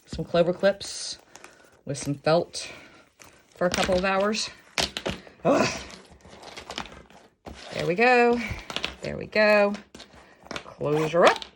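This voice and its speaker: A woman's voice: on the low side, noisy background. A woman hosting a casual sewing tutorial, rambling and joking at her own expense as she works. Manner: rambling, self-mocking, jokey asides. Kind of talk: casual chatty craft tutorial.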